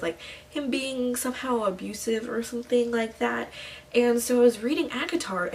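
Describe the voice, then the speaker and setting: A woman's voice: a little high, a little mellow, distant mic, slight background noise, low-quality recording. A young woman talking casually about books on her channel, chatty and full of "like" and playful asides. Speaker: book vlogger. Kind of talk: casual book talk.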